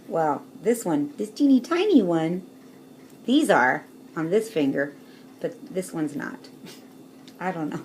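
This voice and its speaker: A woman's voice: on the low side, very animated, slow pace, pauses often, darkish tone, slight background noise. A woman chatting casually to her camera as a vlogger, showing things with bowls and laughing often.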